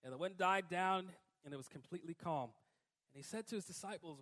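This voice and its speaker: A man with a high, light voice delivers a sermon. He talks casually to the congregation and now and then lifts into loud, emphatic bursts. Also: fairly quick. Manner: conversational preaching, rising to emphatic outbursts. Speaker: pastor.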